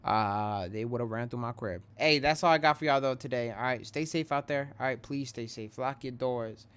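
A man's voice: mid-range voice, moderate pace, fairly bright tone, smooth. A young man who hosts a gaming channel, talking straight to his viewers in a rambling, shaken but earnest way as he vents. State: rattled. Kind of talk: casual direct-to-camera vent.

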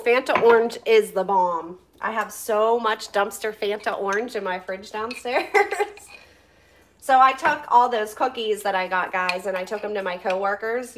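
A woman's voice: mid-range voice, slight background noise. A woman in her thirties chatting casually to her viewers while cooking at home, laughing often and breaking off to talk to her kids. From Pennsylvania, US. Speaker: vlogger. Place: home kitchen.

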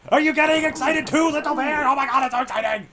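A young man giving casual play-by-play commentary on a hockey video game, muttering between plays and yelling when the action heats up. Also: extremely high pitch, fast talker, a crowd in the background. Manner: swings from muttering to shouting at big plays. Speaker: let's play host.

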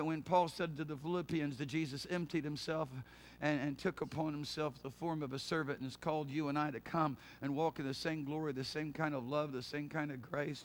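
A male pastor preaching a sermon, repeating his points, laughing and saying hallelujah, and rising to loud fervent cries of prayer. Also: a little high.

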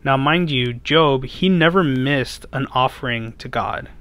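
A man's voice: mid-range voice, unhurried, fairly bright tone, dry recording. A man gives a children's sermon in a mid-range voice. He retells the story in a loose, chatty way, full of fillers. He often checks in with his young listeners through rhetorical questions. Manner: casual retelling with many fillers. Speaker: children's ministry preacher.

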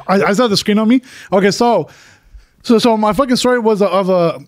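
A man's voice: sits high, a little fast, no echo. A man co-hosting a podcast, telling a rambling, self-mocking story in casual group chat in a studio. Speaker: podcast co-host.

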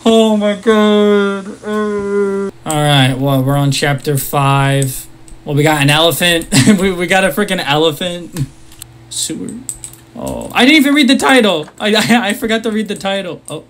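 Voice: mid-range voice, steady tone, unhurried. A gamer giving let's-play commentary on a horror game, jumpy and easily startled, with nervous laughs and sudden exclamations.

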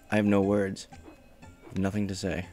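Young guy playing a video game, cussing a lot, gets mad fast, faint music behind. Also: sits low. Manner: frustrated, swears a lot, bursts into shouts. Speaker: let's play gamer. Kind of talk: casual gameplay commentary.

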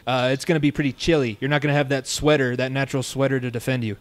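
A man hosting a sports podcast in a relaxed way, bringing in guests and steering the chat. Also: mid-range voice, racing, heavy background noise. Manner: easygoing, steering the conversation. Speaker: podcast host.

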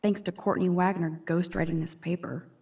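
A woman's voice: on the low side, steady tone, moderate pace, vocal fry, darkish tone. An actress voicing a dry, sardonic teenage girl student in a video game. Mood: wry. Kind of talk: game character dialogue.

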